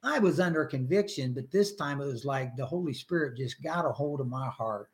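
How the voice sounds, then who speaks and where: A man's voice: medium pitch, fairly quick. An older man sharing his personal faith story in a podcast interview, earnest and emotional, acting out his prayers.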